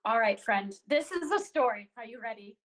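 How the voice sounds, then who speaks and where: A woman improviser retelling a story in an animated, playful way over a video call. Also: a little high, normal speed, poor audio.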